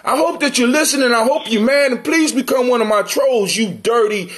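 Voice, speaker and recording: A man's voice: very high voice, fairly quick, fairly bright tone. A middle-aged man hosting a livestream, ranting in a profane, confrontational and mocking way. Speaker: livestream host. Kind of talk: heated livestream rant.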